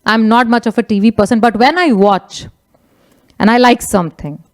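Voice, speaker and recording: A woman's voice: fairly high pitch, normal speed. A middle-aged woman with an Indian English accent giving a chatty motivational talk, slipping into Hindi phrases. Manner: animated, conversational, mixes Hindi phrases. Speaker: motivational speaker, business leader.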